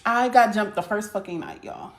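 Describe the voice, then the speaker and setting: A woman's voice: mid-range voice, moderate pace. A woman telling a casual storytime to her viewers, blunt and profane, talking straight to them as y'all. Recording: echoey room.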